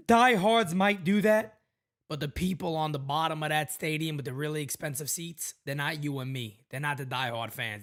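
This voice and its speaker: A man's voice: fairly high pitch, bright, forceful tone. A man hosting a sports talk podcast, making his points emphatically and repeating them for weight. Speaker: host.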